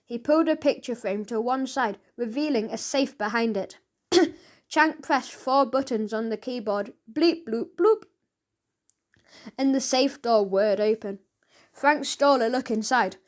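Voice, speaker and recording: A woman narrating a children's audiobook in a lively, expressive storytelling manner. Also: on the high side, measured pace.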